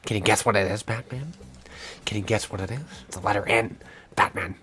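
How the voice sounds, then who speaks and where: A man's voice: fairly low pitch, fairly quick, bright, forceful tone, faint music behind. A man voicing the Joker as a menacing, grinning villain, taunting and conspiratorial.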